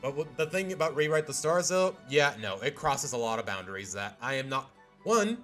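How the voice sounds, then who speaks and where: Man streamer at medium pitch, casual rambling chat over soft background music. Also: expressive, brisk. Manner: rambling, keeps saying "you know what".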